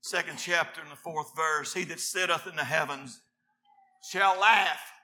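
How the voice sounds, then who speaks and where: Male preacher, fiery sermon, high bright tone, slow deliberate delivery with shouted peaks. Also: a little hiss or hum. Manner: swings from low murmured scripture reading to shouted exhortation.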